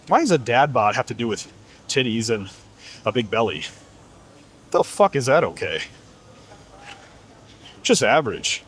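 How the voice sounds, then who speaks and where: Man, fitness coach, husky voice, very lively pitch, blunt and profane. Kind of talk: motivational monologue.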